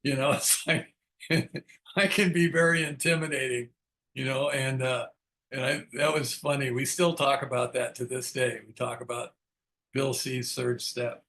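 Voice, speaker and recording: Frank and self-deprecating, an older man recounts his own story while leading a recovery book study, chuckling often. He speaks at a moderate pace with fairly even intonation, a medium pitch and a sharp tone.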